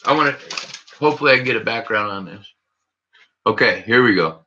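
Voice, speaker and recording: A man hosts a casual livestream, talking straight to his viewers in a nervous, joking way. His voice is very bright and sharp-edged. The audio is dull and lo-fi. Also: fairly low pitch, lively intonation, brisk, a little hiss or hum. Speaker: livestream host.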